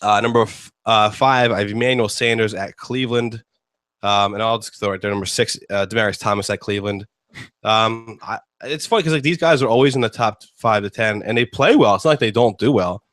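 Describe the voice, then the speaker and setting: A man's voice: on the low side, a little fast, fairly bright tone, dry recording. A man hosting a casual sports talk show, rambling and joking with lots of fillers. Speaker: host.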